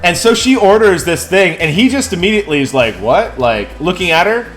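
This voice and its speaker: A rowdy male streamer talks over his game in a slightly raised voice, peppering his talk with swearing. He rambles through a story between moves. Soft music plays underneath. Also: sits high, expressive, fairly quick. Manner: rowdy, profane storytelling with laughs. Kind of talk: casual live-stream chat.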